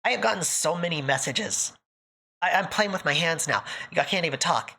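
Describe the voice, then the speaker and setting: A woman's voice: lowish voice, moderate pace, sharp tone, husky. A woman streamer chatting with her live audience, emotional and close to tears, laughing often between thank-yous. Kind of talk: casual live-stream chat.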